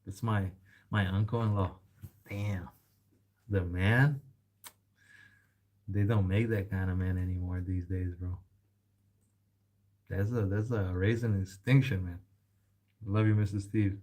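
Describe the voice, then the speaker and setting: A man's voice: low-pitched, steady tone, slow pace, long pauses, darkish tone. A young man, chatting casually while repairing a bike in his shop, rambling and calling the listener man and bro. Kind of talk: casual chat while working.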